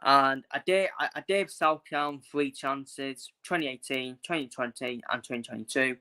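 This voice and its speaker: A man from England talks football with a bright, forceful voice, hammering the same points again and again. He speaks bluntly and emphatically, like a vlogger ranting to his viewers. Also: mid-range voice, unhurried. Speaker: football channel host. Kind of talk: casual ranting match preview.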